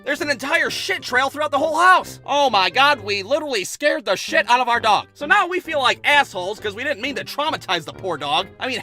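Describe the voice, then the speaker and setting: A man's voice: very high voice, bright, forceful tone. A man in his thirties telling a crude, sarcastic comedy story as a scripted narration.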